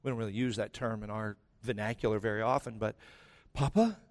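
A male pastor preaching a sermon with emphatic delivery, dramatic pauses and quiet, intense stretches. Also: on the low side, little pitch movement.

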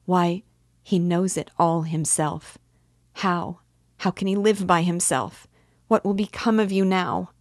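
Brief: devout young woman begging urgently, read by a woman, measured pace, dry room. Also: low-pitched, steady tone, no room sound. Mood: pleading. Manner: fervent, imploring.

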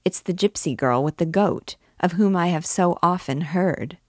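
A woman's voice: on the low side, normal speed, no echo, studio quality, lightly acted. A woman reading the part of a gossipy young noble girl, eager and chattering.

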